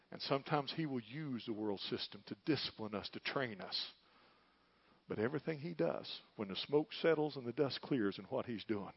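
A middle-aged man, preaching a fervent sermon as pastor, swinging from loud cries to hushed tones. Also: mid-range voice, slightly rough, dry recording, lo-fi sound.

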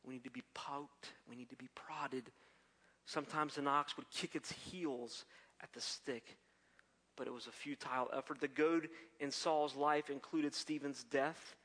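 A man preaching a sermon. He swings from loud emphasis down to hushed whispers, and he often repeats words and restarts his phrases. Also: mid-range voice, fairly even intonation, unhurried.

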